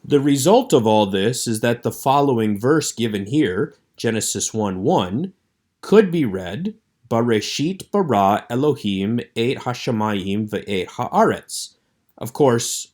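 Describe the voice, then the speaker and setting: Low-voiced man giving a measured lecture. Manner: measured, explanatory, steady delivery. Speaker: teacher. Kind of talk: recorded online lecture.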